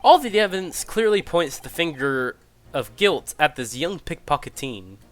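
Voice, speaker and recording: A man's voice: on the high side, sing-song, moderate pace, a bit bright. A man voicing a blustering retired army officer who leads a jury, with hearty, clipped military chatter. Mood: eager.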